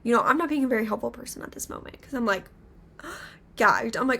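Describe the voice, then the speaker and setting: Casual storyteller, young woman, bright forceful tone, fillers everywhere. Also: fairly high pitch, fairly quick, gravelly, pauses often, slightly rough. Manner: animated, many filler "like"s. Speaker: podcast co-host.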